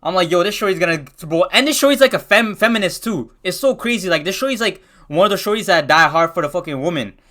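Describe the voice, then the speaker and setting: A man's voice: high-pitched, expressive, fast talker, hardly any pauses, sharp tone. A young man casually telling a rambling storytime, full of slang and restarts.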